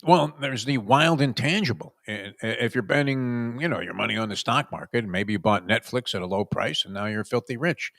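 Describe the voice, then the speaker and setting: A man's voice: medium pitch, moderate pace, gravelly, few pauses, fairly bright tone, no echo, clean studio sound. Wry, rambling male sports talk host. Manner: wry, sarcastic, rambling with many fillers.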